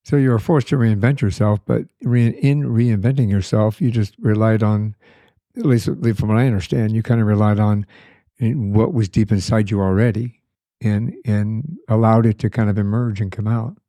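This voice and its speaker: Mellow, easygoing male podcast host. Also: lowish voice, normal speed, no room sound, clean studio sound. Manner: easygoing, affirming, asks follow-up questions. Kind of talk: conversational interviewing.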